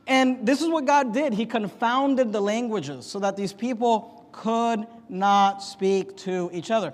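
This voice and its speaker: A man teaching a Bible story lesson, telling it lively and acting out voices, with frequent restarts. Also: very high voice, brisk, few pauses. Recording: echoey hall reverb.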